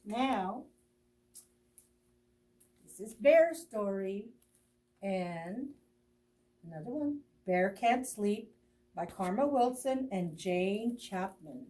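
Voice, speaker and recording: A woman librarian reading a picture book aloud to children, with expressive pauses, gasps and friendly asides to her young listeners. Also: mid-range voice, far from the mic. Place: library storytime video.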